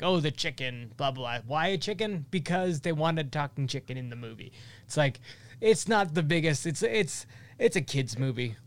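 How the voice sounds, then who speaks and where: A man's voice: fairly high pitch, a bit bright. A man chatting casually about a film with his co-host, laughing easily and chiming in. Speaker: podcast co-host.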